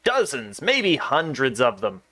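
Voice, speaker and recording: A man voicing a brash, gruff female newspaper editor in a put-on Southern American newsy drawl, for a game. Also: medium pitch, wildly swooping pitch, measured pace, sharp tone, full character voice. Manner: brash, showy, salesman-like.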